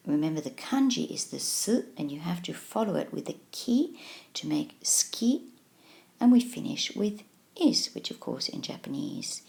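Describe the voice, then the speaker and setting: Woman, tutorial teacher, a touch low and gravelly, patient and encouraging. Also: sing-song, darkish tone. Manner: patient, encouraging, slow and clear explanations. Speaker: Japanese language teacher. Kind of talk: scripted video tutorial lesson.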